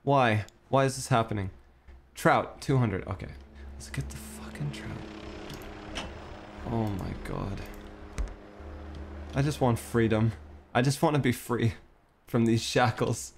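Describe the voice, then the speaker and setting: A young man narrates his own cooking-game run, frantic and self-talking, swearing as he hunts for things. His voice sits at an ordinary middle pitch. A faint hiss and keyboard clicks run under his voice. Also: measured pace, gravelly, long pauses. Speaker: streamer. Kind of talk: gameplay commentary.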